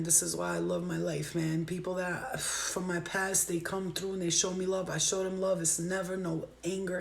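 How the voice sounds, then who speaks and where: A woman's voice: fairly low pitch, vocal fry. A woman doing a spiritual reading on a livestream, talking to viewers in a heartfelt, emotional way and swearing freely. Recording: roomy echo.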